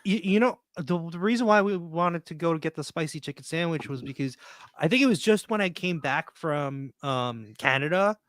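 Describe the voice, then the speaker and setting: A man co-hosting a podcast, telling stories in relaxed casual chat. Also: on the high side, moderate pace, no echo.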